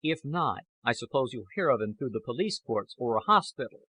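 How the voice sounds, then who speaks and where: Man reading as a scheming man, curt and evasive, husky voice, measured. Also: mid-range voice, expressive, sharp tone, dry recording.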